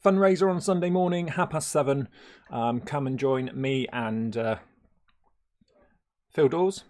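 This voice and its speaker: A man's voice: medium pitch, measured pace, a little mellow. A man chatting casually on a live stream, rambling and laughing often, with many hesitant fillers.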